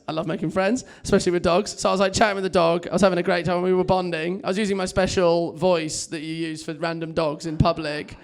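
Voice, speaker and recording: A man's voice: high voice, fast, hardly any pauses. A young man doing a chatty, self-mocking stand-up set on a comedy club stage, telling stories with lots of energy.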